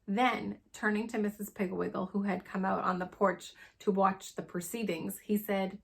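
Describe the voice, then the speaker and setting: A teacher reading a chapter book aloud to young children, with expressive storytelling. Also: female voice, mid-range voice, moderate pace, creaky, hardly any pauses.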